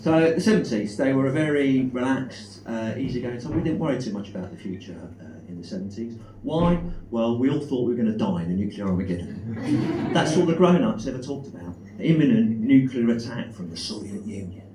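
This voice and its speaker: A middle-aged man with a South London accent, doing a stand-up comedy set. He is deadpan and self-deprecating, with lots of ums and uhs. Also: mid-range voice, a little fast, few pauses. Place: comedy club stage with live audience. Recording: echoey room, mic far off, noisy.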